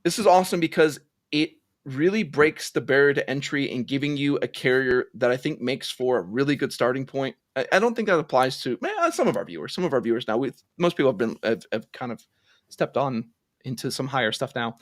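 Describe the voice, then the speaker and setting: A man's voice: mid-range voice, no room sound, clean studio sound. A man co-hosting a casual podcast, telling stories with lots of laughs and filler "like". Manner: animated, laughing storyteller. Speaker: podcast co-host. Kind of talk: casual chat.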